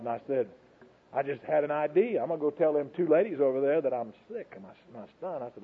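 A man's voice: a little high, expressive, fairly quick, slightly rough. A man telling a colloquial, dramatic church testimony, speaking straight to his audience, heard over a tinny phone-like broadcast. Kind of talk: folksy storytelling testimony.

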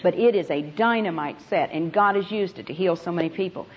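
A woman's voice: lowish voice, fairly quick, slight background noise. Woman preaching on a dull lo-fi tape. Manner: emphatic storytelling, addressing the audience directly. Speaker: Bible teacher at a conference. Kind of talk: sermon.

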